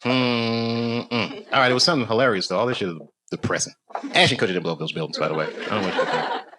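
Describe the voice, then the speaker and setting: A man's voice: lowish voice, fast. A man doing a live stand-up set, profane and riffing with the crowd. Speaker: stand-up comedian. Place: live comedy venue. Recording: loud background noise.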